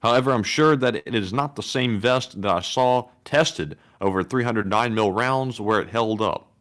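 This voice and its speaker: A man co-hosting a casual live stream, reading out donations in an even, plain way. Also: on the low side, normal speed.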